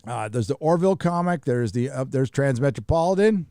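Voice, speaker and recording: A man's voice: medium pitch, expressive, fairly quick, warm tone, no echo, studio quality. A man hosting a live stream, chatting casually and reading out viewer donations in a rambling, profane way. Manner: rambling, profane, reads chat donations aloud.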